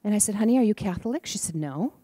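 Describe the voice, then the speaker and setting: A middle-aged woman tells stories to a congregation, acting out the people she quotes. Her voice sits at an ordinary pitch for a woman. The sound is close and dry. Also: rapid-fire, dry recording. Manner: animated storyteller, acts out the people she quotes. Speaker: speaker at a spiritual center. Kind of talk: storytelling talk. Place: church hall.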